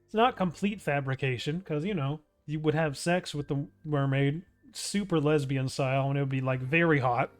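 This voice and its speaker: A fairly high-voiced man rambling over a game. He is crude and loud, swears constantly and laughs a lot. Soft music plays faintly behind his commentary. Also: normal speed, few pauses. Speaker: gameplay streamer.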